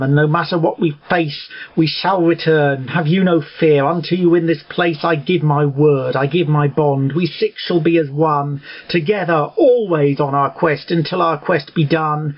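Guy reading as a brash pegasus girl, rousing, gravelly, muffled lo-fi. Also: a little high. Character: bold brash young female pegasus.

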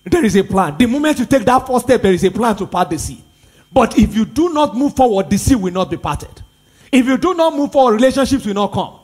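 A man's voice: extremely high pitch, expressive, a little fast, darkish tone, slightly rough. A Nigerian pastor, a man, preaching a sermon with emphatic repetition and rhetorical questions.

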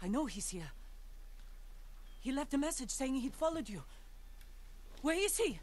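A woman's voice: high voice, very animated, a little slow, a little mellow. Yuna, an anguished young warrior woman. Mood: urgent. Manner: anguished, crying out. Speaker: video game character.

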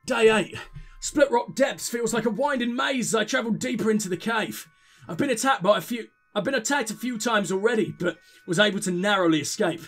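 A man's voice: high voice, fairly quick, a bit bright, soft background music. A man voicing a humble young male monk reading his diary aloud, weary and earnest.

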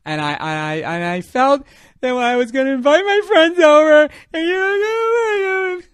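A man's voice: very high-pitched, lively intonation, measured pace, no echo, pitched above the performer's own voice. A man voicing a nagging, emotional wife who keeps pressing her point. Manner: whiny, insistent, repeats "okay?". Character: nagging wife, adult woman, whiny and emotional.

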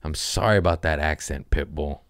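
A man's voice: extremely low pitch, brisk, a bit bright, clean tone, no echo. A man around forty hosting his own podcast, riffing loosely and jokingly in casual, profane chat. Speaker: comedian podcast host.

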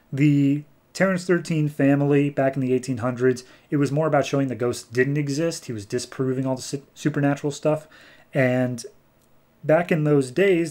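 A man's voice: medium pitch, darkish tone. A man hosting a comics podcast, giving a chatty, casual review and recapping plots. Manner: chatty, recaps plots and briefly acts out characters.

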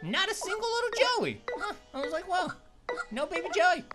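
A performer voicing an upbeat, goofy male cartoon grape who hosts a let's play with excitable, punning commentary and yelps. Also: extremely high pitch, fairly quick. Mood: goofy excited. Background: background game music.

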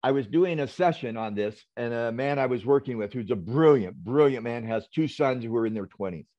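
A man's voice: mid-range voice, expressive, a little fast, warm tone, dull audio. A man speaking as an interview guest in an earnest, reflective way, telling stories over a video call. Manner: earnest, reflective, tells stories with quoted dialogue. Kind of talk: interview conversation.

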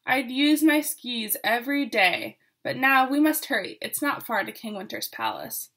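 A woman voicing a lively, gruff old male frost spirit who talks loudly and blusters. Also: fairly high pitch, normal speed, full character voice. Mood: chatty. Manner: loud, blustery, growls when cross.

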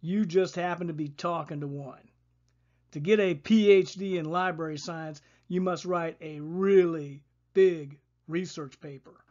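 A storyteller voicing a tall, friendly male librarian with a deep voice who explains things patiently. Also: a little mellow, dull audio.

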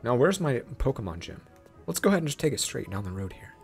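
A young man hosting a gaming channel, giving excited, playful let's-play commentary and talking to the game. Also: mid-range voice, fast, vocal fry, faint music behind. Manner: hyped, playful, talks to the game.

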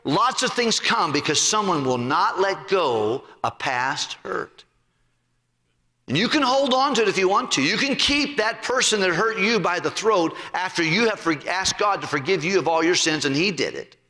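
A man's voice: high voice, normal speed. A man preaching a sermon as pastor, telling a parable and acting out its voices. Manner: animated storytelling, acts out the parable's voices. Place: church sanctuary. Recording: church sanctuary with long reverb.

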